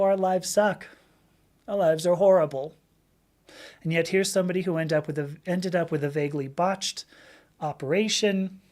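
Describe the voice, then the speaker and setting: A woman's voice: fairly low pitch, darkish tone. A woman hosting a casual livestream, answering viewer questions in a rambling, chatty way and often breaking into laughter. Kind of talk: casual chat.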